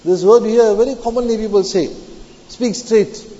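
A man's voice: high-pitched, moderate pace, mellow. A male preacher giving a sermon that explains Quranic commentary, repeating his key phrases and weaving Arabic terms into his English. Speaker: Islamic preacher. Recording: dull lo-fi sound with long hall reverb.

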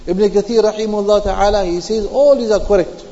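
Guy preaching a sermon, high but mellow voice, keeps repeating key lines, arabic words mixed in, dull lo-fi echoey hall sound. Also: fairly even intonation, brisk. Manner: repeats key phrases, mixes Arabic terms into English. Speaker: Islamic preacher. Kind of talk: sermon explaining Quranic commentary.

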